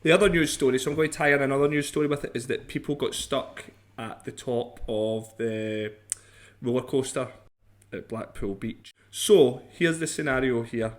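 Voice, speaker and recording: A man's voice: mid-range voice, normal speed. Man teasing on a podcast. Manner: teasing, laughs often, says "mate". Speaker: podcast co-host. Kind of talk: casual chat.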